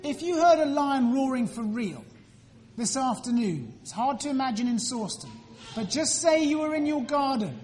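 A woman's voice: high voice, big pitch swings, darkish tone, faint music behind. A woman leading a children's talk in church, asking the children questions and waiting for answers. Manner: slow, clear, deliberate. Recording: reverberant church room.

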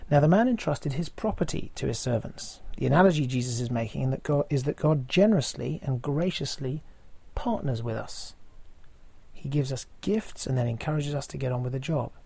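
A man, preaching a sermon in a measured way and posing rhetorical questions to the listeners. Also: mid-range voice, creaky, warm tone, husky, no room sound. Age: 40s.

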